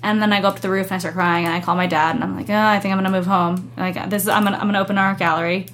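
A young adult woman chatting as an interview guest, animated, acting out quoted voices as she tells her story. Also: medium pitch, racing. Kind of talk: casual interview chat.

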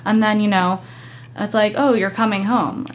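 A young woman speaks as a guest in a relaxed interview, telling her story with energy. She slips into the voices of the people she quotes. A faint hiss sits under the recording. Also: medium pitch, moderate pace. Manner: animated storyteller, acts out quotes. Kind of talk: casual interview chat.

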